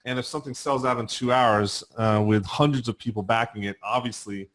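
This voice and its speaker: A male podcast host with a New Jersey accent talks in an easy, conversational way. He frames long questions and fills the gaps with ums. His voice sits at an ordinary middle pitch. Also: steady tone, brisk, fairly bright tone. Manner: conversational, asks long questions with many fillers. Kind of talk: casual interview.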